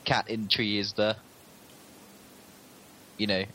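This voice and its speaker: A man's voice: on the low side, little pitch movement, slow, bright, forceful tone, rough recording. A man co-hosting a podcast, explaining ideas patiently in an agreeable casual chat. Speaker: podcast co-host.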